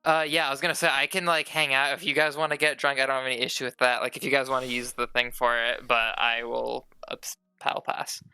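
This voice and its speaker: Bright, clear-voiced man at a game table. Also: mid-range voice, little pitch movement, fast talker, hardly any pauses. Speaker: player. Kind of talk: casual tabletop play.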